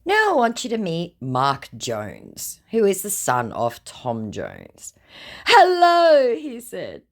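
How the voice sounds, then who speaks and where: A woman's voice: a bass voice, huge pitch swings, slow, vocal fry, a bit bright. An Australian woman hosting a vlog, telling stories of baiting scammers in a sarcastic, mocking manner. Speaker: host.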